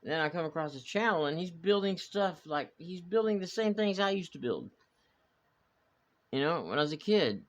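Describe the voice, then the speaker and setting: With the highs cut off, a man with a fairly high, expressive voice talks at a moderate pace as host of his model-building hobby vlog. His chat is rambling and reflective, packed with fillers and false starts.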